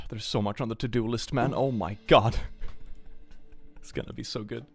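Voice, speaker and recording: This Swedish man keeps his live-stream chat jokey and lively as he reads supporters' messages and donations aloud. His medium-pitched voice carries some vocal fry at a normal speed, with faint music behind him.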